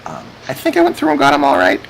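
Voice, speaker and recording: A man hosts a casual tabletop game as its game master. He talks in a loose, rambling way, and his pitch swings up and down a lot. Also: wildly swooping pitch, fast, vocal fry, slight background noise, rough recording. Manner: chatty, meandering, repeats "cool".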